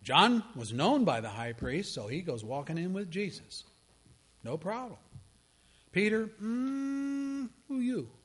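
A man delivers a sermon with a bright, forceful tone pitched a little high. He tells the story dramatically, sinking to near-hushes and rising to strong proclamations. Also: very animated, moderate pace, breathy edge. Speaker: pastor.

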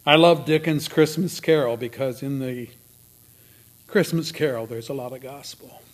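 A man preaching a sermon in a dramatic way, moving from loud emphasis to near whispers. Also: medium pitch, moderate pace.

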